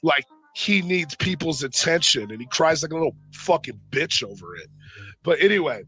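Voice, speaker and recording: A man's voice: fairly high pitch, very animated, normal speed, bright, forceful tone, slightly rough, faint music behind, low-quality recording. A young man casually telling a heated, profane story in rambling slang, full of "like".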